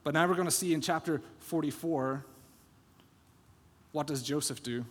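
Male pastor, slightly high pitch, earnest sermon delivery, church reverb. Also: normal speed, breathy edge. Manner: earnest expository preaching that retells scripture scenes. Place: church sanctuary. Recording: long church hall reverb.

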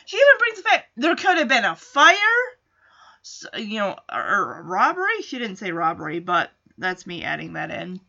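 Woman, casual chat, excitable, animated swoops in pitch, bright tone. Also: vocal fry, lo-fi sound. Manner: excitable, quick to laugh, acts out lines from the episode. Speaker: host recapping a TV episode.

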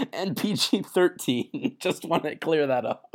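A man's voice: on the high side, expressive. A young man hosts a podcast in easy, casual chat. He teases the others and laughs often, keeping things light. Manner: playful, quick to laugh. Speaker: podcast host.

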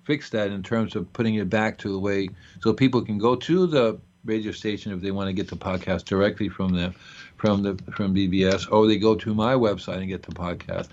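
A man's voice: on the low side, fairly even intonation, fairly quick, darkish tone, dull audio. A man hosting a radio talk show, chatting casually in a rambling, joking way. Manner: rambling, restarts, jokey.

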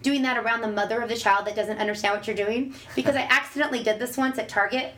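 A woman with a fairly high voice speaks in relaxed, chatty advice mode. She is animated and theatrical, jumping into playful, exaggerated voices when she quotes conversations with her child. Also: fast. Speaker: parent sharing advice. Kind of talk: casual advice chat.

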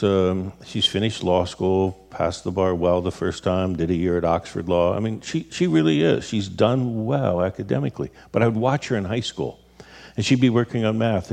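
Low-voiced middle-aged man, chatty speaker who acts out family anecdotes. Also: gravelly. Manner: storytelling, animated quoted voices. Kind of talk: conversational talk with stories.

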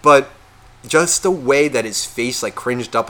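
A man's voice: mid-range voice, a little slow, slight background noise. A man co-hosting a podcast, telling a rambling story in casual chat and swearing constantly. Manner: heavy swearing, rambling and animated. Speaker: podcast co-host.

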